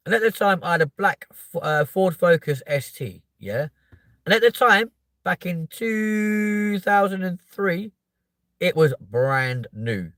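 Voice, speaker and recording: A man's voice: high-pitched, a little slow, dry recording, studio quality. A man in his thirties with a London accent, telling a long story in casual talk, swearing freely and tagging lines with "right?". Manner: animated, voice jumps up when quoting himself. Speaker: podcast host.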